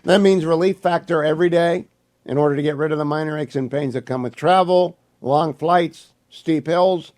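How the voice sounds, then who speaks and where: Hoarse older man reading radio ads. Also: a little high, darkish tone. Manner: brisk, emphatic, repeats phone numbers. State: losing his voice. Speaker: radio talk show host. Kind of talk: live radio ad reads. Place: radio studio.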